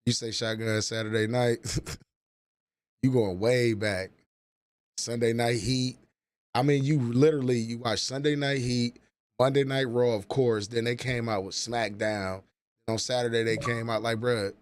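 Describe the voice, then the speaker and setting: A man's voice: mid-range voice, steady tone, moderate pace. A man in his forties chatting casually on a livestream, profane and rambling as he reminisces. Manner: profane, rambling, nostalgic storytelling. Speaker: livestream host.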